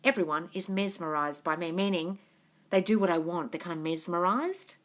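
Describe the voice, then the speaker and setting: A woman's voice: lowish voice, moderate pace. A young woman reading viewer comments aloud and answering them on a live stream. She is frank and chatty, swears freely, and calls her viewers darling. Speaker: manifestation coach answering live questions. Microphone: phone at arm's length.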